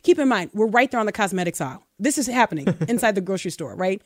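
A woman co-hosting a talk radio show, telling a story in an animated, emphatic way. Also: mid-range voice, fast, no echo, clean studio sound. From United States. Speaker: radio co-host.

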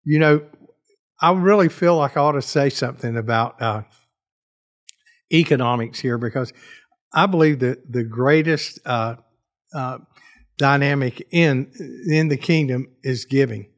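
A man's voice: medium pitch, measured pace, long pauses. A male author, a guest on a talk show, speaking earnestly and reflectively about his practice of faith. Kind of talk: casual chat.

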